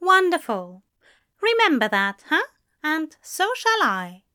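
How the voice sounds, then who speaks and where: A woman's voice: high voice, wildly swooping pitch, slow pace, bright, forceful tone, pitched above the performer's own voice, heavily acted. Fussy, affectionate male angel for a read-aloud story, raised voice, prim and teasing, put on by a woman narrator. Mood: fond, prim. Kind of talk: audiobook reading.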